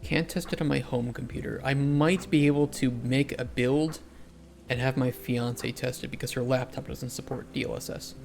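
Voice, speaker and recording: Chatty game developer streaming while coding. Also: male voice, mid-range voice, fairly even intonation, normal speed, vocal fry, a little mellow, soft background music. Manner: chatty, answers chat, restarts sentences. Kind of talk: casual livestream chat while coding.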